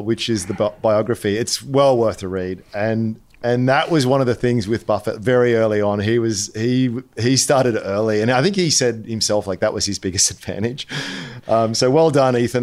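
A man chats casually as a podcast co-host. He sounds relaxed and easygoing, and his voice sits at an ordinary middle pitch. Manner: relaxed, easygoing, laughs often. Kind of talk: casual chat.

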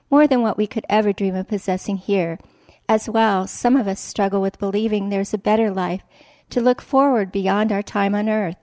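Woman, devotional reader; calm, measured scripted reading, dark mellow tone, dry recording. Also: medium pitch, dry recording.

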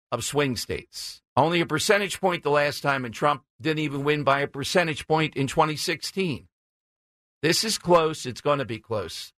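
A man's voice: on the high side, fairly bright tone, no room sound. A man hosting a talk radio show, blunt, combative and sarcastic. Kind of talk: opinionated talk radio monologue.

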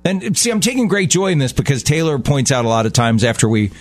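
A man's voice: fairly high pitch, very animated, quick pace, soft background music. A man with a Baltimore accent co-hosting a casual radio show, teasing and laughing often. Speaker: radio co-host.

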